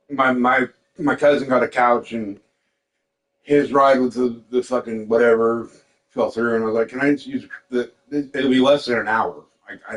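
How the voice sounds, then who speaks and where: A man's voice: medium pitch, poor audio. A man telling stories in casual chat, swearing often and quoting family. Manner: emotional storytelling, swears, quotes others; eating while talking. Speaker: podcast host.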